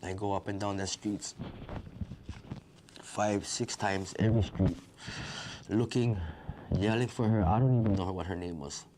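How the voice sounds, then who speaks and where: A man's voice: fairly low pitch, unhurried, pauses often, background noise. A middle-aged man, telling a survivor's story in a vivid present-tense retelling that acts out what people said. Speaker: wildfire survivor. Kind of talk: personal storytelling.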